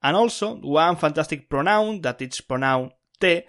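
A man hosting a beginner Spanish podcast, explaining grammar in a lively, emphatic way and repeating key words for stress. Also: fairly high pitch, moderate pace. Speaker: Spanish teacher and podcast host. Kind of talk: bilingual language lesson.

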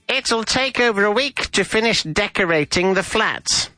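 A man reading out example sentences for a grammar lesson, each one slowly after a short filler. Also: high-pitched, animated, bright, forceful tone, no echo, soft background music.

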